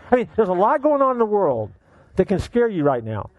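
A man preaching with a high voice that swoops up and down, playful and quick to joke. He keeps asking his listeners questions as he builds the sermon, recorded dry and close with no room around him. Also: no echo, lo-fi sound. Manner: animated, joking, full of rhetorical questions. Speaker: pastor.

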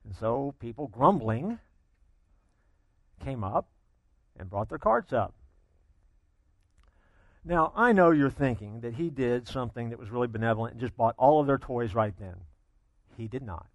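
A man preaching a sermon, telling a story in an animated way, dropping to a hush and then rising loud. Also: mid-range voice, a little slow, pauses often, dry recording. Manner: animated storyteller, swings between hushed and loud. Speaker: pastor.

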